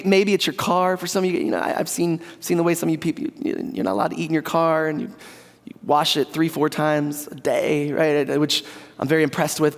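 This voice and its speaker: Earnest high-voiced preaching man. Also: long reverb tail. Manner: earnest, conversational with asides to the congregation. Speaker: pastor. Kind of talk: sermon. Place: church sanctuary.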